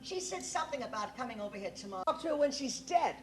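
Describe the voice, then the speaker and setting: A man's voice: very high voice, expressive, fast talker, a little mellow, a little hiss or hum. A man playing an aging, acid-tongued female film star on stage, drawling and profane. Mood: catty. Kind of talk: stage play acting. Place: theater stage. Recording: echoey live stage recording.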